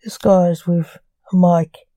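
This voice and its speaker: A woman hosting a podcast, narrating a gothic story in a measured, deliberate reading. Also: on the low side, level tone, dark tone, dry recording.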